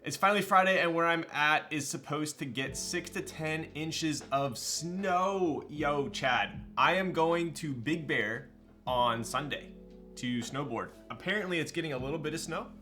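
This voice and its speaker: A young man from Southern California chatting casually with viewers on a live stream, relaxed and slangy, full of fillers like "um" and "like", with light music playing behind him. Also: fairly high pitch, measured pace. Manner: laid-back, slangy, with frequent fillers and laughs.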